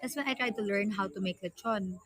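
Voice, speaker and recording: A woman's voice: mid-range voice, fairly quick, crowd noise. A young woman with a Filipino accent, chatting casually to viewers on a livestream and easily mixing in Tagalog. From Philippines. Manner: chatty, switches between English and Tagalog. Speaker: livestream host.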